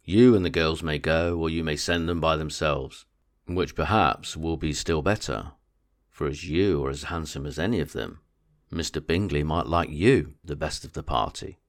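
A man reading aloud voices a dry, teasing older husband in an understated, unhurried way. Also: rumbling low.

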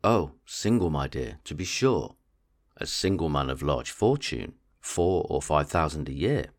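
A man reading aloud voices an excitable middle-aged mother, raising his pitch and pushing eagerly. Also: measured pace, heavily acted. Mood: eager, insistent. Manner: eager, insistent, raised pitch.

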